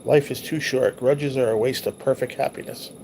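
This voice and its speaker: A man's voice: medium pitch, fairly even intonation, normal speed, warm tone, a little hiss or hum. A man hosting a livestream, reminiscing casually over old photos in a loose, rambling, profane way. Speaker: livestream host.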